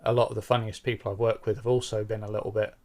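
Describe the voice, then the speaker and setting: Middle-aged man, low-ish register, frank and self-deprecating interviewee. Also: little pitch movement, very fast, darkish tone. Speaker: podcast host being interviewed, bass player. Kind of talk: candid conversational interview.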